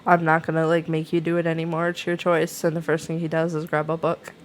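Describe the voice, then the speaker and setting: A young adult woman with a slightly low voice co-hosts a relaxed book review. She rambles through her thoughts, stacking fillers and restarting sentences. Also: fast talker. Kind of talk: casual book chat.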